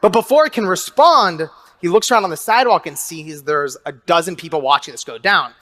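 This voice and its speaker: A young man with a high voice tells a story to an audience. He acts out his own shouts and keeps the telling animated, with quick swings in his delivery. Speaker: author and speaker.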